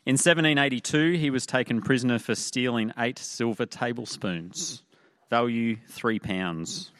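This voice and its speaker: Aussie pastor guy giving a sermon, casual, lots of uhs, mid pitch, dry sound. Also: a little slow, a bit bright, no room sound. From Australia. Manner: conversational, with frequent "uh" fillers.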